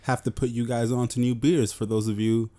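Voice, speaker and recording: Casting: man from New York, podcast co-host, loose joking banter, mid-pitched, peppered with profanity. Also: level tone, a little fast, dark tone. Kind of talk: casual chat.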